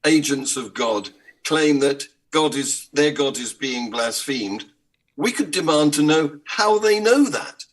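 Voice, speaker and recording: Husky-voiced man on a radio panel. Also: a little high, expressive, slow, far from the mic. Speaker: panel guest. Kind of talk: casual panel chat.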